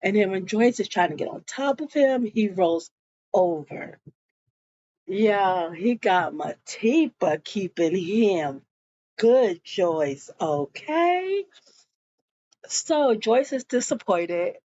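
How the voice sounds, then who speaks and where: A woman casually recapping a TV episode, animated and chatty, talking straight to her viewers. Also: mid-range voice, takes it slowly, dull audio. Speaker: show recap vlogger.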